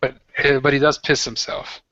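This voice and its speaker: A man's voice: mid-range voice, normal speed, vocal fry, bright, forceful tone, a little hiss or hum. A man narrating as game master in a tabletop game, describing gory outcomes and laughing along. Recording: dull lo-fi dry recording.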